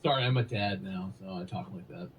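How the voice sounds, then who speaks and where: A man's voice: low-pitched, a little fast, slight background noise, rough recording. A man hosting a podcast in casual comedic chat, speaking in a dry, teasing way as he starts a story. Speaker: podcast host.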